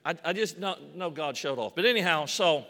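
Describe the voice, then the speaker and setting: A man's voice: on the high side, animated, fairly quick, pushed and bright. A man preaching a sermon in a church. He acts out scripture scenes in quoted voices and repeats words to build emphasis. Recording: long hall reverb.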